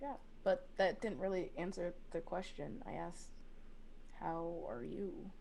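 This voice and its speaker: A woman playing a nerdy, awkward high-school teen who talks haltingly. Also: gravelly, dark tone, slight background noise. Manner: hesitant, halting, full of fillers.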